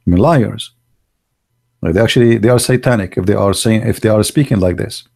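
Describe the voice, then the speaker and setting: Blunt man, gravelly voice. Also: on the low side, a little fast, darkish tone. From Arab world. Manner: blunt, emphatic, fires rhetorical questions; broken, non-native grammar. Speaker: online show host. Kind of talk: opinionated livestream monologue.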